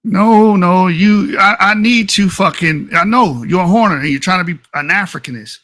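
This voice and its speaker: A man's voice: high-pitched, normal speed, sharp tone, dry recording, studio quality. A man in a heated online debate, aggressive and profane, hurling insults and reading aloud from research papers.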